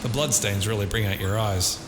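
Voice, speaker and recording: A man's voice: fairly low pitch, fairly quick, reverberant, long reverb tail, noisy background, lightly acted. Man putting on a breezy British mate. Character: friendly slim young British man, joking. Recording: loud guitar music underneath.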